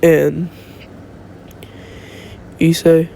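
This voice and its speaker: A man's voice: on the high side, monotone, extremely slow, vocal fry, mellow, a little hiss or hum. A young man casually making up a fan-fiction story as he goes, rambling and thinking aloud, recorded on his phone.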